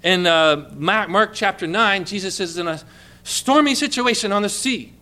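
A man's voice: sits high, animated, moderate pace, pushed and bright. A man preaching a sermon, reading scripture aloud and building to emphatic peaks. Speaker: pastor.

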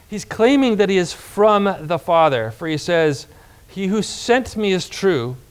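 A man preaching a sermon, reading scripture aloud with emphasis, slowing down on key words and asking the congregation questions. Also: on the high side.

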